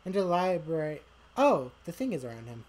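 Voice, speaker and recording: A woman playing a visual novel blind, reading the narration and her character's lines with quick exclamations. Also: deep voice, sing-song, a little mellow. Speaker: game streamer.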